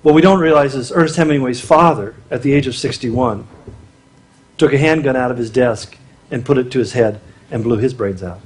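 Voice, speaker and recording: A man's voice: mid-range voice, brisk, a little hiss or hum. A middle-aged man giving a conversational, humorous sermon at a marriage conference, acting out little quotes as he goes. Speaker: conference speaker.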